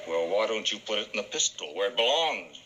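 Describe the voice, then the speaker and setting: An actor in a vintage TV sitcom clip, speaking in a slow, drawling small-town way. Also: male voice, on the low side, sing-song, noisy background. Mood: dry.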